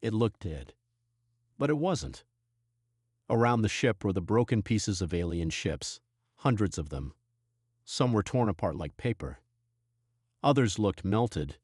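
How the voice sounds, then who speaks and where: A male storyteller reading scripted science fiction at a slow, deliberate pace. His voice sits low, with a husky, breathy texture. The sound is dry and close. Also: darkish tone, no room sound. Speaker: narrator. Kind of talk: scripted sci-fi narration.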